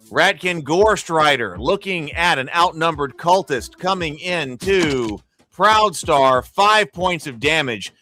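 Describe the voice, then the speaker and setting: A man running a live tabletop arena battle as game master, calling hits and damage play-by-play and cheering on the dice. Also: a little high. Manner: excitable, cheers and pleads over dice results.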